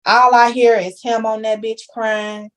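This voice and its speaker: A woman's voice: on the high side, little pitch movement, measured pace, a bit bright. A young woman talking candidly as a podcast guest, telling her story with heavy slang and emphasis. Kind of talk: casual chat.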